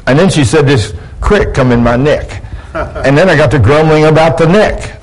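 A man's voice: fairly high pitch, moderate pace, poor audio. A man preaching a sermon, folksy and conversational, acting out quotes from people in his church. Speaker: pastor.

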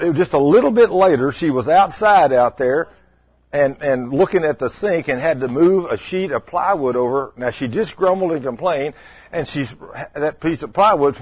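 Delivering a sermon with stories, a middle-aged man talks in a folksy, conversational style and asks the congregation questions. His voice is fairly high and breathy, and the recording has no room sound and a dull, lo-fi quality.

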